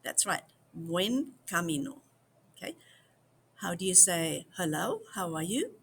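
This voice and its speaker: A woman teaching phrases in a slow, patient drill, repeating each one several times. Her voice has a gravelly, creaky edge, and a faint hiss of noise sits behind her. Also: on the low side, big pitch swings. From United States. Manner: drills phrases slowly, repeats them for viewers. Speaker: language teacher. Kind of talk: slow repeat-after-me language lesson.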